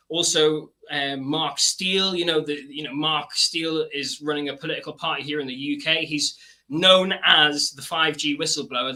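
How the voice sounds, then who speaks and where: A man from northeast England speaking as a guest on a remote video call. His diction is careful and stage-trained, softened by frequent hedging fillers. His voice is very bright and cutting, a little high in pitch. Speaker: activist guest. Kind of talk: casual interview chat.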